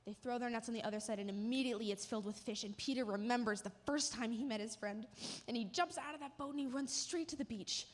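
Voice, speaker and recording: A woman's voice: a little high, fast. A woman giving a sermon, retelling a story vividly with emotional emphasis. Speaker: church speaker. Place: church. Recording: long hall reverb.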